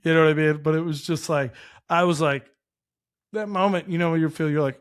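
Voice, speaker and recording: A man co-hosting a chat show, telling a long story in a loose, animated way with lots of filler words. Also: on the high side, a little fast, smooth. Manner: animated, rambling, heavy use of "like". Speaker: podcast co-host, chef.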